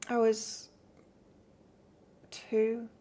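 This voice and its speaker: A woman's voice: on the high side, monotone, drawn-out words, dark tone. A woman from England doing a live tarot reading, chatting casually and reading out cards while answering viewer comments. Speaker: tarot reader.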